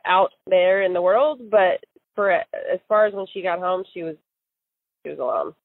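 A woman's voice: lowish voice, normal speed, dry recording. Hesitant woman on a tinny line. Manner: hesitant, many fillers and restarts. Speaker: interviewee recalling events. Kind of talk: casual recorded interview. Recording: tinny phone-line sound, dry.

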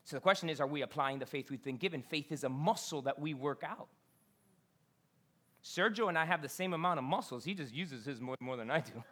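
A woman preaching a sermon to a congregation. She is conversational, asks the listeners questions, and swings between loud scripture reading and quiet asides. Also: deep voice, animated, brisk. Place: church.

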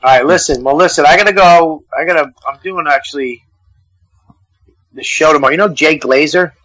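A man's voice: fairly high pitch, brisk, no room sound, low-quality recording. A man from Boston with a Boston accent, calling in as a guest comedian and arguing in profane, casual banter. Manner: profane, loud and argumentative, keeps interrupting. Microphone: phone call.

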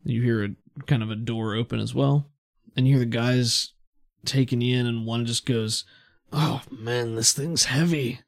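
A man narrates a tabletop game as game master. His voice is gravelly and sits at an ordinary pitch. He talks in a relaxed, halting way, with lots of ums and restarts. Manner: relaxed, halting, full of fillers.

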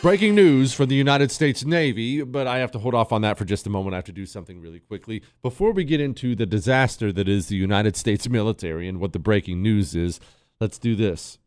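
Man, talk radio host, sarcastic, very lively pitch, dry close mic. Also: brisk, dry recording. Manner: sarcastic, mocking, swings between loud jabs and low asides. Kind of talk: political talk radio commentary.

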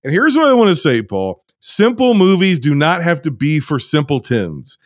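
A man's voice: on the high side, moderate pace, dry recording. A sardonic man hosts a casual podcast chat. His voice moves a lot, rising and falling as he talks. The sound is dry and close. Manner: sardonic, animated. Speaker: podcast host.

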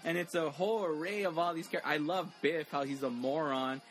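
A man chatting casually and excitedly about a favorite movie, full of fillers and quick impressions of lines. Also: on the high side.

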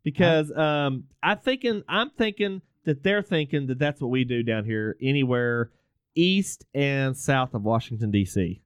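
A man's voice: medium pitch, measured pace, clean tone, no room sound, clean studio sound. A man hosting a casual podcast, joking and self-deprecating, often stumbling over his words. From Texas, United States. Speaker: podcast host.

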